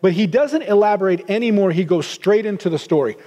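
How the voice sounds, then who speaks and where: Middle-aged male pastor, high and mellow, earnest sermon delivery with restarts; long hall reverb. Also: expressive, fairly quick. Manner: earnest, repeats words while restarting.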